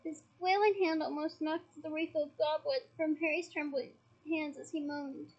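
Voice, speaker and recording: A woman's voice: high voice, steady tone, normal speed, highs cut off. A woman reading a novel aloud with dramatic expression and chatty asides to her listeners. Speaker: audiobook reader.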